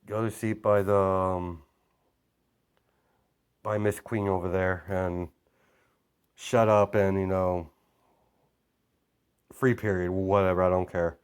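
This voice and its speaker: A man's voice: deep voice, flat delivery, slow, long pauses, clear, resonant tone. A man voicing a bored, rude female teacher who rambles dismissively with fillers.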